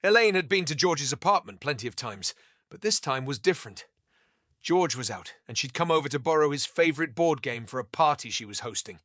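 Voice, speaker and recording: A man narrating a fan fiction story with an expressive, lively reading. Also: fairly high pitch, fairly quick, no room sound, clean studio sound.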